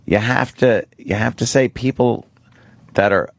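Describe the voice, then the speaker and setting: A man's voice: medium pitch, fairly even intonation, unhurried, creaky, no echo. A man co-hosting a radio talk show, rambling and wry with many fillers on a close studio mic. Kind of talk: casual radio banter.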